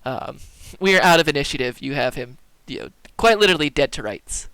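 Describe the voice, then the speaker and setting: A man's voice: on the high side, animated, a little fast, sharp tone, clear, resonant tone, dry recording, low-quality recording. A man narrating as game master for a tabletop game, casual and laid-back, with plenty of ums.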